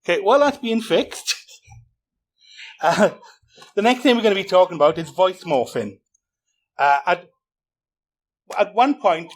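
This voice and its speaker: A man giving a chatty, joking conference talk with a live demo in a hall. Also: fairly high pitch. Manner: chatty, joking, self-deprecating. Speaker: conference speaker.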